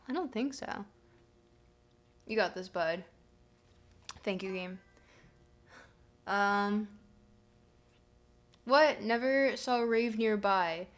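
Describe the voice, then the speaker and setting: Reading chat on her livestream, a young adult woman talks casually with her viewers in a medium-pitched voice. She speaks slowly and pauses often, wandering along with fillers until playful, excited bursts break through.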